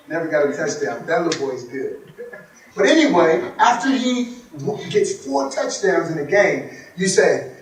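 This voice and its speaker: A man with a high voice gives a motivational workshop talk. He tells stories and puts questions to the crowd. His voice rings through a very echoey hall, picked up from a distance. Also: big pitch swings, normal speed. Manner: storytelling, asks the audience questions. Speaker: workshop speaker. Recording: echoey room, distant mic.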